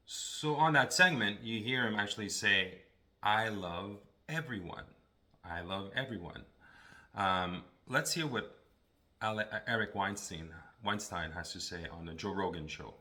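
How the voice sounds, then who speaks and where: A man hosting a podcast, casually introducing clips and pausing often on fillers. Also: lowish voice, pushed and bright. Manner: hesitant, many fillers. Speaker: podcast host.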